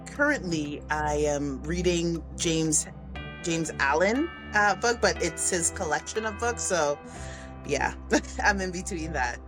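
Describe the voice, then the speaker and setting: A woman's voice: lowish voice, slow pace, over music. A middle-aged woman, a leadership coach, talking in a conversational interview, animatedly telling stories with plenty of laughs. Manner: animated storytelling, acts out kids' voices, laughs often. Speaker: podcast guest, leadership coach.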